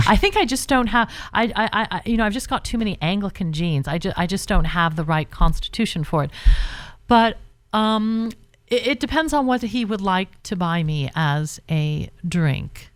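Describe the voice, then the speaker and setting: A woman's voice: medium pitch, lively intonation, moderate pace, dry recording. A woman guesting on a radio talk show, chatting casually and mocking herself, with frequent restarts and laughs.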